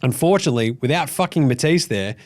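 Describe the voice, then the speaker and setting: An Australian man hosting a basketball show, ranting in a profane, animated and exasperated way. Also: mid-range voice, fast talker. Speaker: basketball podcast host. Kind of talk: ranting casual commentary.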